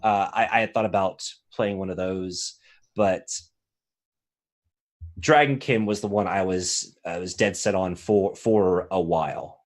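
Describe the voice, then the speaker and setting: A man's voice: sits low, a little slow. Casting: man from South Carolina, laughs a lot, loose rambling podcast chatter. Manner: laughing often, rambling with restarts. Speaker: player on the show. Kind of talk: casual podcast chat.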